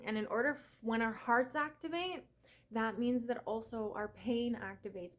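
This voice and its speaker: Chatty woman giving a casual spiritual talk. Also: a little high. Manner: chatty, peppers speech with "right?" and "okay?"; earnest, mildly profane. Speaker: spiritual reader and yoga teacher.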